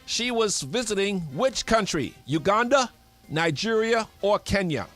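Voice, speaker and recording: A man's voice: high voice, animated, measured pace, a bit bright, faint music behind. A man reading trivia questions and multiple-choice answers on a radio show in an upbeat way. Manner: upbeat, announces answers plainly.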